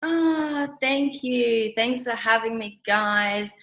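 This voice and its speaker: A woman with a husky morning voice, a little sick, giving an upbeat, chatty talk as a guest speaker on a conference call and often asking her listeners questions. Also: on the high side, takes it slowly, fairly bright tone, low-quality recording.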